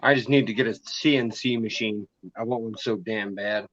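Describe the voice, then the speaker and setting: A man's voice: lowish voice, fairly even intonation, moderate pace, fairly bright tone, highs cut off. A man chatting casually as a guest, swearing freely. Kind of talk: casual call-in chat.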